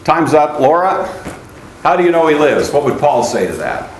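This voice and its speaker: Animated male lecturer in an echoey room. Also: on the high side, normal speed. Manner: animated, calls on students by name; mocking singsong when quoting shallow hymns. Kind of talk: classroom lecture. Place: classroom. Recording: echoey classroom with faint ambient noise.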